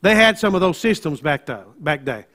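A male pastor preaching a sermon, moving from conversational teaching into loud, emphatic preaching. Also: on the high side, lively intonation, normal speed.

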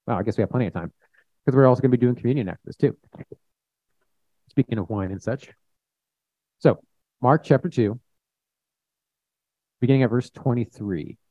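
A man's voice: medium pitch, brisk, pauses often, no room sound. Man preaching a casual sermon, muffled sound. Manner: conversational, plain-spoken, with acted-out quotes. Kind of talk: informal sermon with scripture reading. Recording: dull, muffled recording.

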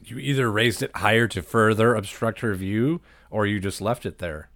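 A man's voice: lowish voice, normal speed, a bit bright, dry recording, studio quality. A man in casual chat, reacting briefly and asking follow-up questions.

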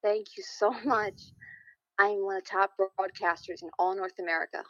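A woman's voice: mid-range voice, fairly even intonation, moderate pace, fairly bright tone, no echo, highs cut off. A woman from upstate New York, a singer and live streamer, talking about herself upbeat and enthusiastically as a guest. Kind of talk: casual interview.

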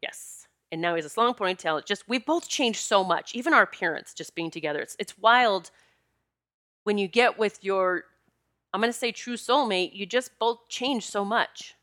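Bright-voiced woman vlogging emphatically. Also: mid-range voice, moderate pace. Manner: emphatic and conversational, repeats herself for stress. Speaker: vlogger addressing viewers. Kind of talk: casual monologue to camera.

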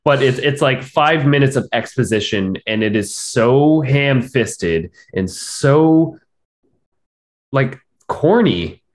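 A man's voice: mid-range voice, expressive, slow pace. A man co-hosting a casual film review chat, blunt and sarcastic, often repeating himself and using fillers. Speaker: film review podcast co-host.

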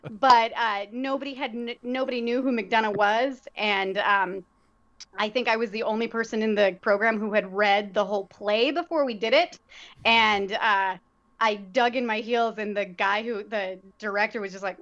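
A woman, a theater director and actor, talking casually and thoughtfully as a guest, pausing often to find her words. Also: mid-range voice, fairly even intonation, fairly bright tone. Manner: reflective, searching for words with many fillers. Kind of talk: casual conversation. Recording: dull lo-fi sound.

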